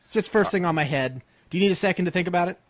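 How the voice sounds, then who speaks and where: A young man co-hosting a podcast, chatting casually and playfully, cracking jokes and clearing his throat now and then. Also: sits high, very fast, dry recording. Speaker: podcast co-host.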